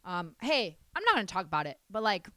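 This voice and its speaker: A woman hosting a podcast, chatting frankly and with sass, swearing now and then. Her pitch sits in the middle but swings widely as she talks. The sound is dry, with no room echo. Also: a little fast. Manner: frank, animated and sassy, with casual swearing. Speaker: podcast host. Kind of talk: casual advice chat.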